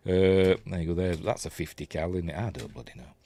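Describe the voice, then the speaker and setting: A man's voice: low voice, darkish tone, no room sound. A Yorkshire man giving a casual, rambling scene-by-scene commentary on a film, often correcting himself and chuckling. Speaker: film reviewer.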